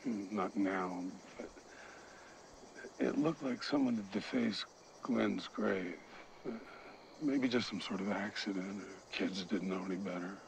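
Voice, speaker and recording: An actor playing a smooth-talking middle-aged male community leader, speaking in a measured, conciliatory way. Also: on the low side, slight background noise, rough recording.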